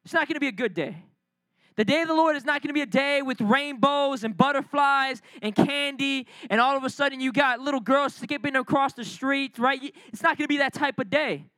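A man's voice: very high-pitched, a bit bright, dry recording, poor audio. A male preacher delivering an emphatic, repetitive sermon, speaking directly to his church.

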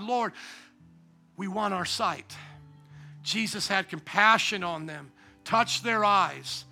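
Male pastor, 40s, sermon delivery; high, very bright voice, shifts between hushed moments and loud emphatic peaks, acts out quoted voices. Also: creaky. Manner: swings from hushed intimacy to loud, shouting emphasis.

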